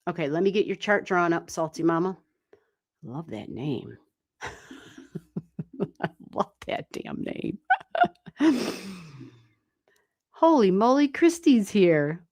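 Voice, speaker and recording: A woman giving casual, animated astrology readings on a livestream, chatting and swearing lightly as she goes. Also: medium pitch, dry recording, studio quality. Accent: US Midwestern. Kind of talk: casual live-stream reading.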